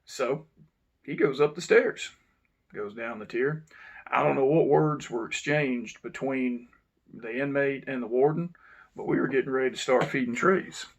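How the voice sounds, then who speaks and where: Gravelly ex-guard, blunt storyteller, mid-pitched, swears casually. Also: male voice, unhurried. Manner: blunt, frank, swears now and then. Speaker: former correctional officer. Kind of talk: casual first-person storytelling.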